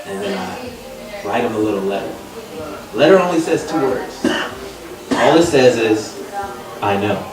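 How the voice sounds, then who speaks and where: A young man from Los Angeles doing a stand-up comedy set, loud on punchlines and dropping low for asides. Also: expressive, moderate pace, long pauses. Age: young adult. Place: comedy club stage. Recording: echoey live room, mic far off, crowd laughter.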